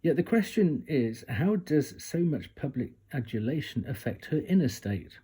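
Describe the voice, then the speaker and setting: A man's voice: fairly high pitch, big pitch swings, moderate pace, dark tone, slightly rough. A man doing a casual tarot reading, reading passages aloud from a guidebook and breaking off for chatty asides and retakes. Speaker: tarot reader.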